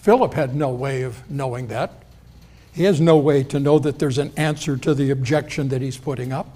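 A man's voice: normal speed, dark tone. A man preaching an expository sermon in a conversational way, acting out the quoted lines. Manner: conversational, acts out quotes with rising pitch.

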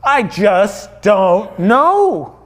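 A man's voice: sits high, sing-song, brisk, fairly bright tone. A preacher voicing a bewildered male thief who answers simply and hesitantly.

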